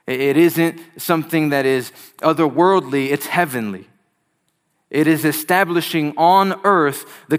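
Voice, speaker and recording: A male preacher in the middle of a sermon, his voice sitting at an average pitch. He builds to loud, emphatic peaks, then drops into hushed, low lines. Between points he tells a story with quick asides. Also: smooth.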